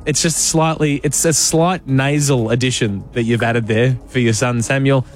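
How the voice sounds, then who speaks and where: A man's voice: mid-range voice, fairly even intonation, moderate pace, faint music behind. Playful Australian radio host, man. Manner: playful, teasing. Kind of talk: breakfast radio banter.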